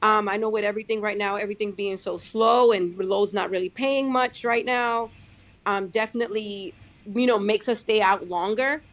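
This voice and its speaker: A young adult woman who drives her own truck, talking casually in a podcast interview, halting and restarting her sentences often. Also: medium pitch, steady tone. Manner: halting, many restarts and fillers. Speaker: guest, owner-operator truck driver.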